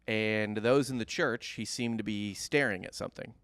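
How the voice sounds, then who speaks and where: A man's voice: lowish voice, moderate pace, fairly bright tone, dry recording. A man hosting a comedy history podcast, telling the story in a loose, joking way with casual swearing.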